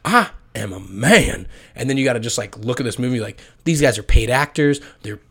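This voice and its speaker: A man's voice: medium pitch, quick pace. A young man casually co-hosting a podcast, joking crudely and acting out quotes as he tells stories. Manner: crude, joking storyteller who acts out quotes. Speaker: podcast co-host.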